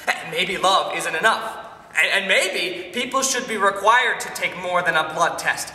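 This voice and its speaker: A man's voice: high voice, a little slow, bright, forceful tone, full character voice. A young man playing an exasperated young husband and tired lawyer in a stage comedy, performing theatrically and often laughing. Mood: weary. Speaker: student actor. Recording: echoey hall from far off.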